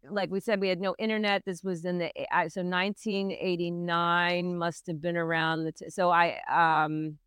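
A woman's voice: lowish voice, fairly bright tone, clear, resonant tone, dry recording, studio quality. A middle-aged woman, a midwife, earnestly telling her own hard birth story as an interview guest. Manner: earnest, intense retelling of a hard memory. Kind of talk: personal storytelling in a podcast interview.

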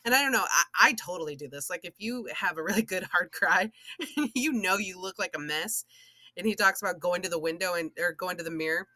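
A woman's voice: fairly low pitch, a little fast, dry recording. A woman in her thirties co-hosting a casual podcast chat, telling stories with acted-out quotes and frequent laughter. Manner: animated storyteller, acts out quotes, laughs often. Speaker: podcast co-host.

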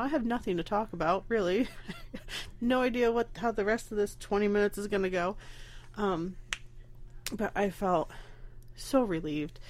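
A woman's voice: medium pitch, normal speed. A young adult woman hosting her own podcast, talking candidly and rambling, pregnant and emotional, close to tears, with nervous laughs. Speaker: podcast host. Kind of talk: casual personal podcast.

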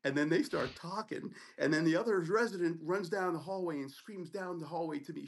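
A middle-aged man telling a story on a podcast in a casual, animated, profane way, acting out the people in it. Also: fairly high pitch, normal speed, vocal fry. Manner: animated, profane, acts out voices in his story. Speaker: podcast co-host.

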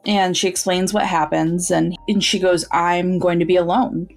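Low-voiced woman retelling a story animatedly. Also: moderate pace, gravelly, soft background music. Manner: animated storytelling, acting out characters' lines. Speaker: podcast co-host. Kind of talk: casual book-club chat.

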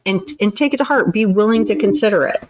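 A woman's voice: mid-range voice, fast, darkish tone, a little hiss or hum, low-quality recording. A woman co-hosting a casual podcast chat, explaining relationship advice earnestly and acting out tones of voice in her examples. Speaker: podcast co-host.

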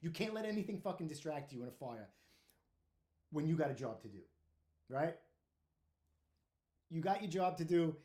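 A middle-aged man, a retired firefighter, telling stories casually, animated, laughing often and swearing freely. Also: a little high, moderate pace, pauses often. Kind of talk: casual storytelling to camera.

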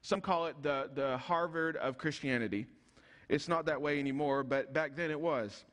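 A man preaching a sermon, reading scripture slowly and dropping low and soft when he prays. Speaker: pastor. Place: church sanctuary. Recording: long church hall reverb.

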